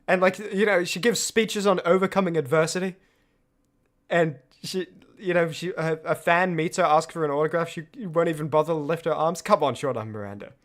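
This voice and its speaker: A man's voice: a little high, steady tone, moderate pace. Giggly rambling man streamer. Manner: rambling, laughs often, many restarts. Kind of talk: casual commentary on own videos.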